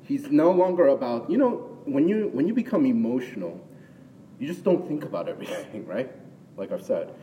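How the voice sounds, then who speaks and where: A pastor with a warm, medium-pitched voice preaches in a very animated way at a moderate pace. He keeps it conversational, often asking "right?" and surging into emphatic bursts. The recording is distant with long hall reverb, faint ambience, and a little hiss or hum.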